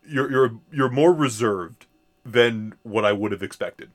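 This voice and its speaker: A man co-hosting a podcast in casual chat, animated and laughing often, with quick bursts of mimicry. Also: mid-range voice. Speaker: podcast co-host.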